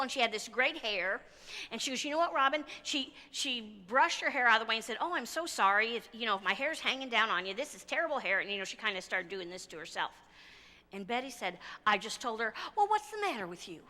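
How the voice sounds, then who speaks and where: Animated woman pastor preaching in a hall. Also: a little high. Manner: storytelling, animated and conversational. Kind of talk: sermon. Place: church sanctuary. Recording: long church hall reverb.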